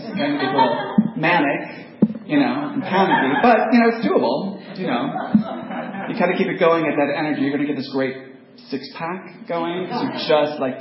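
Man with a gravelly voice, sharing his story. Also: medium pitch. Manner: self-mocking, halting, with ums and laughs. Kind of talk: personal testimony talk. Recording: dull, noisy, echoey room recording.

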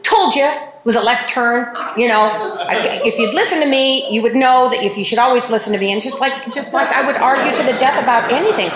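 A woman's voice: on the high side, a bit bright, reverberant, slight background noise, rough recording. A woman giving a candid personal testimony at a recovery meeting, often laughing at herself as she tells it.

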